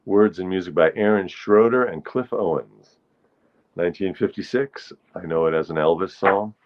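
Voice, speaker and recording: A man hosting a casual solo livestream, chatting in a rambling way with viewers in the chat and now and then singing slowly to a ukulele. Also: sits low, lo-fi sound. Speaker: livestream host.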